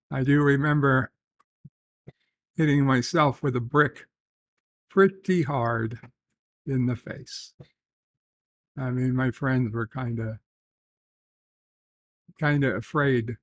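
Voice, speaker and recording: A middle-aged man hosting a casual livestream. He reads chat messages aloud, then answers softly with dry, rambling humor. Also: medium pitch, dry recording. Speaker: livestream host reading chat.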